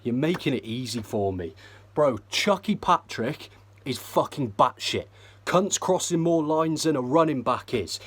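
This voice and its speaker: A man's voice: mid-range voice, expressive, measured pace, breathy edge. Man, mid-range voice, sneering insult-heavy battle-rap bars. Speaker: battle rapper. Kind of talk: a cappella rap battle verses.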